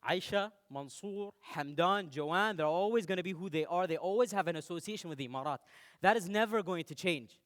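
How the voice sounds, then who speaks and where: A young man from the United Arab Emirates giving a playful, animated talk on stage and speaking straight to the audience. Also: high-pitched, fairly quick. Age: young adult.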